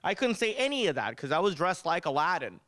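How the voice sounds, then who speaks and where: A young man doing a stand-up comedy set, telling animated stories with punchy delivery. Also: a little high, fast talker, no echo. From United States.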